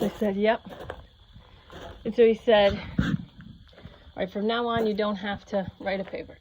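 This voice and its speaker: A woman in her fifties tells a meandering personal story at an easy, everyday pitch. She slips into the voices of the people she quotes. The audio is a bit dull and lo-fi, with a faint hiss behind her. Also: normal speed, long pauses. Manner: rambling, animated, acts out quoted voices. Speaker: yoga channel host.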